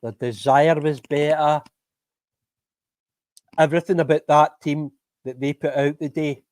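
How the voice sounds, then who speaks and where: A man's voice: fairly high pitch, darkish tone, no room sound. A Scottish man hosting a football fan podcast live stream, ranting angrily with lots of swearing and bitter laughs.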